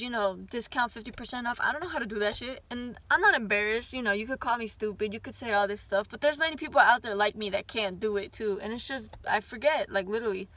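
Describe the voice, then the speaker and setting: A woman's voice: fairly high pitch, pushed and bright, no room sound. A young woman telling a casual storytime on her vlog, chatty and rambling, swearing often and breaking into asides. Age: young adult. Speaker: vlogger.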